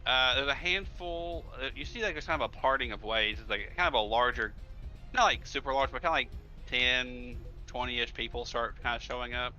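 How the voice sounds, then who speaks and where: A man's voice: mid-range voice, a little fast, sharp tone, soft background music. Rambling man running a tabletop game. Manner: rambling, casual, lots of fillers. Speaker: game master. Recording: slightly muffled stream audio.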